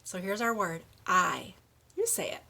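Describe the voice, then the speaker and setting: A middle-aged woman leading a speech lesson for young children, modeling words slowly with exaggerated endings and steady encouragement. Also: medium pitch, husky. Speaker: speech therapist.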